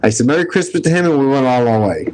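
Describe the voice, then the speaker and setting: A man's voice: medium pitch, expressive, fast, darkish tone. Blunt, profane New York man. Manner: blunt, profane, storytelling with acted-out dialogue. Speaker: show host, retired police officer. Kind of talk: casual live-stream chat.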